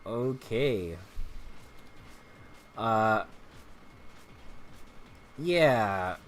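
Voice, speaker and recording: A man's voice: fairly low pitch, expressive, very slow, slight background noise. A man giving casual commentary while playing a video game, rambling loosely with restarts and muttered asides about what he is playing. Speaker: let's play commentator.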